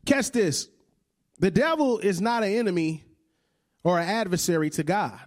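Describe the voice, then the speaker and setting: A man's voice: high-pitched, lively intonation, moderate pace. A male preacher in his thirties giving a conversational sermon, often checking in with "right?" and laughing along with the congregation.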